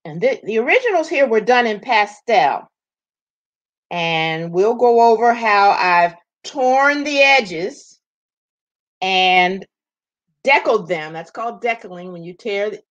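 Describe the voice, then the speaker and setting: A woman from Maryland, a visual artist, calmly explaining and presenting her prints on a livestream. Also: mid-range voice, slow pace, dull audio. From Maryland, USA.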